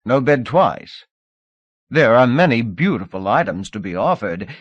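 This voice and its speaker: A man's voice: mid-range voice, very animated, a little slow, no echo, highs cut off, voice pushed up. A man voicing a nervous, fawning male slave auctioneer who pleads and chants bids. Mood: pleading. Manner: pleading, wheedling, sing-song chanting.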